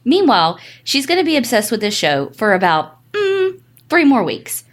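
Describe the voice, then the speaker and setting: A woman co-hosting a podcast, blunt and sardonic and quick to swear. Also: on the high side, wildly swooping pitch. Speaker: podcast co-host. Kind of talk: casual chat.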